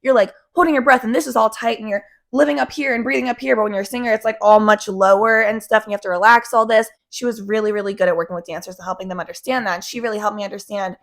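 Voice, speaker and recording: A woman in her twenties ranting in a casual vlog, profane, blunt and animated. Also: medium pitch, very fast, few pauses. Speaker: vlogger.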